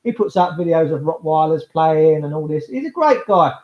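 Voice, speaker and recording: A man's voice: on the high side, expressive, moderate pace. A man, rambling chattily to viewers in a casual livestream monologue. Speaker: livestream host. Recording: roomy, slightly dull sound.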